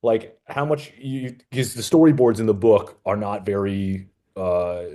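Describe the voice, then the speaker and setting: A man's voice: fairly low pitch, steady tone, measured pace, dark tone. A man interviewing a filmmaker in a casual, rambling chat full of fillers. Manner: chatty, rambling with many fillers. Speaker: festival programmer interviewing a filmmaker.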